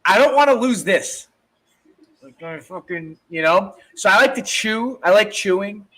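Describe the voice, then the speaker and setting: High-voiced, rambling, profane podcast man. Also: a little slow, low-quality recording. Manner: rambling, animated, swears a lot. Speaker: podcast co-host. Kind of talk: casual profane chat.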